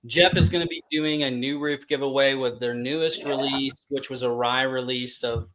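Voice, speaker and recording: A man's voice: medium pitch, steady tone, moderate pace, a bit bright, slight background noise, low-quality recording. A man hosting a casual livestream, chatting upbeat with guests and reading out viewer comments. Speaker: livestream host. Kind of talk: casual chat.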